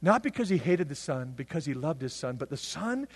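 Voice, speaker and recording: A male pastor preaching a sermon, swinging between loud, impassioned passages and hushed, intense ones. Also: a little high, big pitch swings, fairly quick, breathy edge. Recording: long hall reverb.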